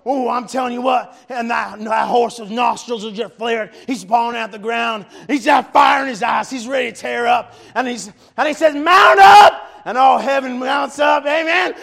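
Fiery male preacher, high rough voice, repeats refrains and shouts them out. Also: moderate pace, hardly any pauses, some chatter behind. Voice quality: gravelly, high-pitched voice. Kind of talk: shouted revival sermon.

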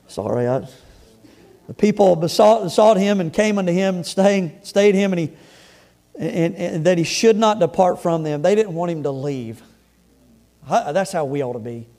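A man's voice: high voice, expressive, slow pace, pauses often, dark tone. A middle-aged male pastor preaching a sermon, reading scripture aloud and commenting on it with humorous asides and conversational stories. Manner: storytelling, conversational, with restarts. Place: church sanctuary.

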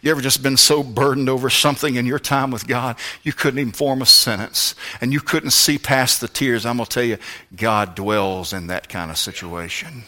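A man preaching a sermon as pastor, fervent, swinging between shouts and hushed tones. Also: medium pitch, steady tone, normal speed.

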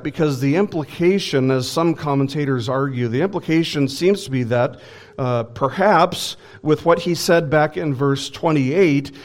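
A male pastor preaching an expository sermon, reading scripture aloud and acting out paraphrased dialogue with emphatic rises and quiet drops. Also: mid-range voice. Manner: voices scripture quotes and acts out paraphrased dialogue.

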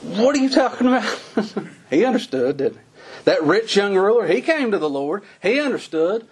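A preacher delivering a sermon in a husky, slightly raised voice. He talks in a plain, folksy way and pushes his voice up high whenever he drives a point home. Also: big pitch swings, moderate pace. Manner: folksy preaching, voice climbing high on emphatic lines.

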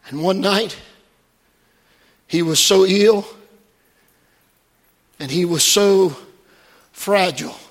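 A man preaching a sermon from the pulpit, moving between quiet storytelling and shouted, fervent peaks. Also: sits high, long reverb tail. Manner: preaching that swings from hushed storytelling to shouted climaxes. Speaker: pastor. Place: church sanctuary.

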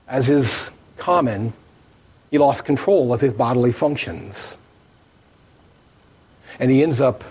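A man preaching a sermon, telling the story with animated emphasis, his voice rising as he drives points home. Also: a little high, breathy edge. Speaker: pastor.

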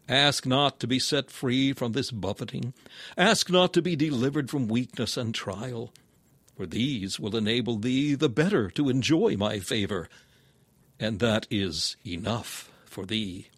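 A man reading a sermon aloud in old-fashioned scriptural language. He is solemn and measured, and his pitch climbs for emphatic appeals. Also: lively intonation, a bit bright, dry recording. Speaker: preacher.

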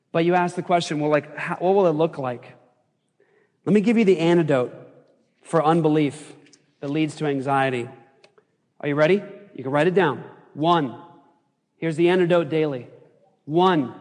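Guy preaching in church, pretty high voice, gets loud then drops low and serious, big hall echo. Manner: animated, jokey, swings from shouting to low intense emphasis. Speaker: pastor. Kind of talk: sermon. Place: church sanctuary.

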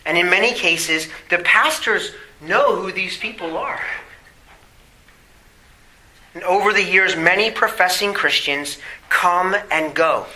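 A male pastor delivering a sermon, reading scripture aloud and asking the congregation rhetorical questions, swinging from emphatic to hushed. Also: high voice, poor audio. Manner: emphatic preaching with rhetorical questions, drops to quiet asides.

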